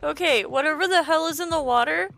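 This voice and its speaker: A woman doing let's play commentary on a game, excitable, swearing, shrieking and laughing as she plays. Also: high voice, quick pace, vocal fry. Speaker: gaming video creator.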